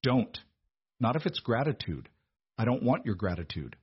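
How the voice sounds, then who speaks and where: A man voicing a gruff, protective man in his forties with a low, gravelly rumble, in a storybook reading. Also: sing-song, normal speed. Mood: tense. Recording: dull, dry lo-fi recording.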